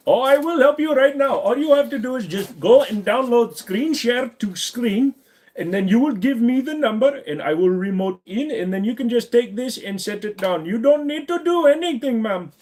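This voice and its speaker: A man voicing a pushy male tech-support scam caller with an Indian accent, in a high, sing-song, overly helpful manner. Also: animated, moderate pace, a little mellow.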